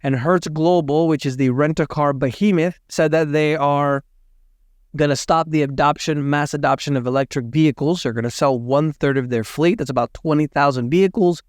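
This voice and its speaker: Smooth-voiced man talking market news. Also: a little high, no echo, clean studio sound. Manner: chatty, thinks aloud, hedges facts, does quick mental math. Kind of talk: casual news commentary.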